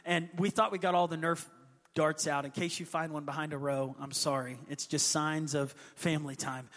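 A man in his thirties, a pastor, preaching a sermon as a lively storyteller who acts out his kids' voices. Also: a little high, moderate pace, long reverb tail. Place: church hall.

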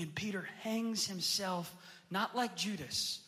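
High-voiced man preaching in a reverberant church. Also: normal speed. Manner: preaching that swells to loud, impassioned peaks; acts out quoted voices of his kids in storytelling. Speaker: pastor. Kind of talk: sermon. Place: church sanctuary with a congregation. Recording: long hall reverb from a church sanctuary.

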